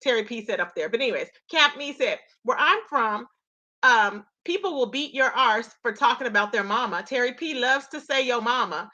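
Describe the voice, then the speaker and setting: Bright high-voiced woman gossiping casually. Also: lively intonation, normal speed, lo-fi sound. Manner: chatty, laughs often, repeats "child". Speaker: commentary channel host.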